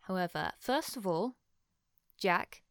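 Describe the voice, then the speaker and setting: A woman narrating calmly as game master of a tabletop game. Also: medium pitch, slow, clean tone, no echo, clean studio sound.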